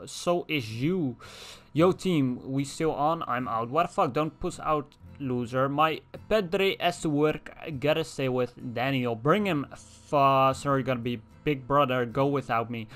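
A man's voice: medium pitch, fairly bright tone. A young man doing casual gameplay commentary, reading in-game text messages aloud with crude jokes and asides. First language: Dutch. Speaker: let's player.

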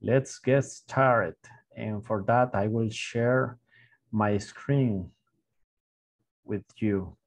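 A man teaching an online class for beginners, speaking slowly and repeating each word with hesitant fillers. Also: fairly low pitch. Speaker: English teacher. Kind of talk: slow online language lesson with gestures.

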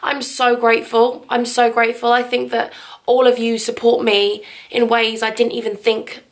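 A young woman from England talks straight to her viewers in a vlog, gushing and close to tears. Her fairly high voice has a gravelly fry running through it, and her emotion spills over into every thank-you. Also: flat delivery, normal speed. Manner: gushing, tearful, effusive. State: teary. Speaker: vlogger.

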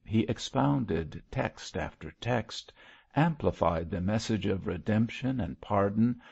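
A man reading an audiobook chapter in a measured, expressive narration. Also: lowish voice, gravelly, slightly rough. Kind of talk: scripted narration. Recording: muffled lo-fi recording.

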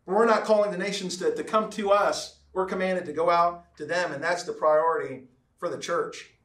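A man preaching a sermon as pastor, emphatic and repetitive, slowing down to stress key words. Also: high voice, a bit bright, roomy sound, far from the mic. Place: church sanctuary.

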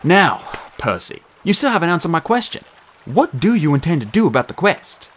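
A man voicing a sly, smooth-talking male god in a put-on mixed British and Australian accent for an audiobook. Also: on the high side, sing-song, moderate pace, a bit bright, slight background noise, voice pushed up. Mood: breezy. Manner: breezy, teasing. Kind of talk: audiobook reading.

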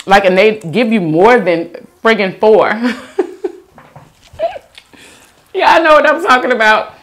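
A woman's voice: fairly high pitch, takes it slowly, a little hiss or hum. A woman vlogger chatting casually to viewers while eating takeout, addressing them as "y'all", with close mic eating sounds. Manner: chatty, animated, says "y'all" a lot, chewing sounds. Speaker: mukbang vlogger. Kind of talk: casual eat-with-me chat.

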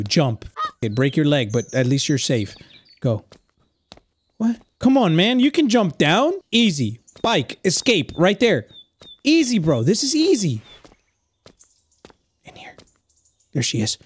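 A man playing a horror game and reacting out loud, swearing often and dropping in Spanish slang as he thinks out loud. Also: a little high, sing-song, a little slow, pauses often, noisy background. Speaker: gaming YouTuber.

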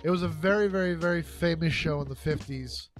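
A man co-hosting a casual podcast, tossing in quick, wry asides. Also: a little high, soft background music. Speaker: podcast co-host.

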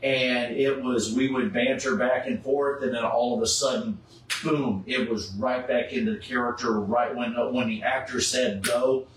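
A middle-aged man tells an animated story in a casual chat and puts on the voices of the people he quotes. He sits well back from the mic in a very echoey room, with a faint hiss of noise behind him. His voice sits at an ordinary pitch for a man. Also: normal speed, far from the mic. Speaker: charity Superman cosplayer.

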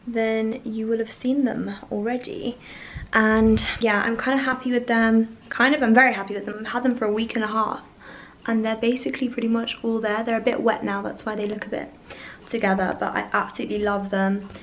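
A woman's voice: on the high side, vocal fry, a little hiss or hum. A young woman chatting casually to camera as a vlogger while getting ready at home, rambling along with plenty of "like" and "yeah". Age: young adult. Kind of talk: casual vlog chat.

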